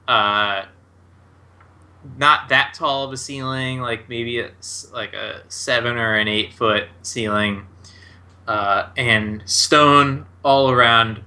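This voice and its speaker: A man acting as game master, describing the scene for his players. He talks slowly and loosely, with plenty of fillers. His voice is bright and sharp. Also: mid-range voice. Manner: casual, heavy with fillers and 'like'.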